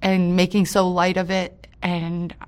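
A woman recounting a personal story in an interview, halting and hesitant with many fillers, her voice dropping quiet on painful parts and rising with anger. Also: lowish voice, completely flat delivery, clear, resonant tone. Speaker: interview guest.

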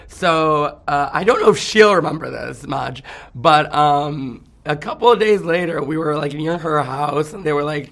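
A man's voice: a little high, normal speed, creaky, a bit bright. A man in casual celebrity gossip chat, campy and rambling, laughing often and breaking into song.

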